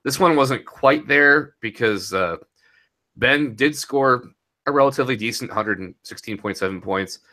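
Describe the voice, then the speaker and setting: A man's voice: medium pitch, normal speed, bright, forceful tone. A young man talking casually and rambling a bit as he recaps a fantasy football week, laughing easily. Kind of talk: casual podcast chat.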